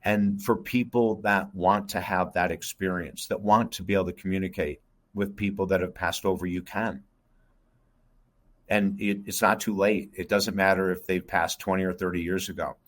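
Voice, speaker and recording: A man's voice: low-pitched, steady tone, moderate pace, a bit bright. A middle-aged man, a guest life coach, telling an emotional personal story in an earnest, intense way. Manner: earnest, intense, addresses host by name.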